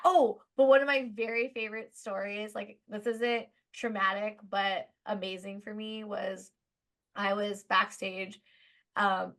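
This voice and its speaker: A woman's voice: mid-range voice, gravelly. Chatty woman telling backstage stories. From Southern California. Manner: chatty, animated, lots of "like", laughs while telling stories. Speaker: guest musician. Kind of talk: casual podcast storytelling.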